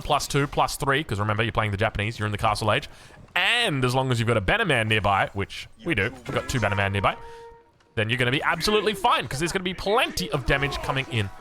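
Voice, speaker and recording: A man's voice: mid-range voice, pushed and bright. An Australian man casting a strategy game, chatty and self-mocking, drifting into rambling asides. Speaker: game caster. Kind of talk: casual game commentary.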